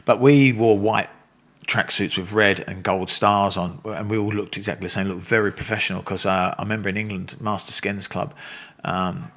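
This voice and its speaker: An Australian Muay Thai coach in his sixties, speaking as an interview guest, tells blunt, rambling stories in a lowish, fairly even, slightly bright voice at normal speed. He swears and laughs as he goes.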